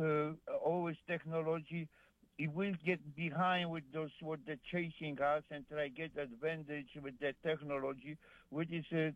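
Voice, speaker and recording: Mężczyzna, wzburzony rozmówca, stłumiony dźwięk. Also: male voice, a little high, no echo, muffled recording. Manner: halting, many fillers and restarts, heated. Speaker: caller. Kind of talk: call-in radio chat.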